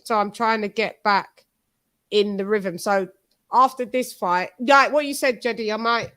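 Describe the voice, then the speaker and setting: A Cockney woman from East London hosts a boxing channel in loose, rambling chat full of slang. Her voice sits at a middle pitch. The recording is close and dry, with no room sound. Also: a little slow, fairly bright tone, dry recording. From East London, England. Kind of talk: casual chat.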